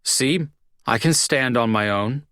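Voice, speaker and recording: A man's voice: medium pitch, takes it slowly, a bit bright, no room sound, studio quality, voice pushed up. A man reading an audiobook, voicing a drunk, self-pitying young bartender who mumbles and slurs. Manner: slurred, mumbling. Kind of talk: audiobook character voice.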